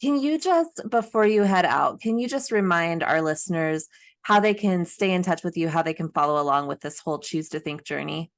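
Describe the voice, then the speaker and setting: A woman hosting a faith podcast, closing the interview in a soft, affirming way. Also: fairly low pitch, lively intonation, normal speed. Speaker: podcast host.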